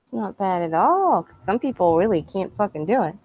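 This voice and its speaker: A woman co-hosting a casual gaming chat, talking freely with plenty of swearing and quick laughs. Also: mid-range voice, very animated, a little mellow. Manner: chatty, sweary, laughs easily. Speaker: podcast co-host.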